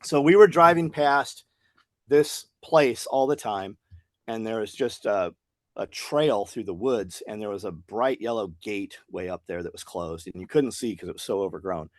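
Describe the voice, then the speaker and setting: A man's voice: on the low side, moderate pace, no room sound, studio quality. A man who is a guest on a podcast, telling a story at length and acting out the lines of the people in it. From Tennessee, US. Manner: animated storyteller acting out quoted dialogue. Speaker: podcast guest, business owner. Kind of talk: casual storytelling interview.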